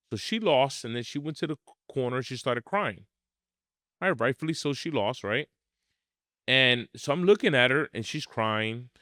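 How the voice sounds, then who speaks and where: A man's voice: mid-range voice, sharp tone, no room sound, studio quality. A middle-aged man, a martial arts school owner telling blunt, emphatic stories in a podcast interview.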